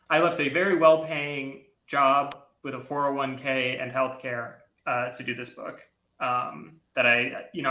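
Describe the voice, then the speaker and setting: A young adult man speaks candidly as an interview guest, halting often with ums. His tone is bright and even, with little rise and fall. The sound is roomy and echoey. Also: medium pitch. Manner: earnest, hesitant, many ums. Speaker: comic artist guest.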